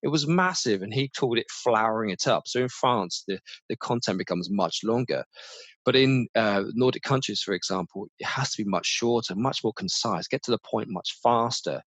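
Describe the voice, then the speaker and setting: A middle-aged man, chatting casually as an interview guest, animated, often restarting his sentences. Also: fairly low pitch, normal speed, no room sound. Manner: animated, restarts often, mimics others' voices. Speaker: marketing manager, interview guest.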